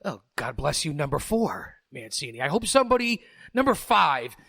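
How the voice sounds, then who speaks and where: A man's voice: a little high, sing-song, normal speed, gravelly, sharp tone, no echo, clean studio sound. A man hosting a podcast, heckling his co-host in a mock-formal ringside announcer tone.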